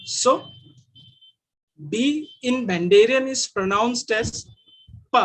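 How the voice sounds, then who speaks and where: A man with an Indian English accent teaching Mandarin sounds in an online class, repeating each sound slowly. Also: very high voice, animated.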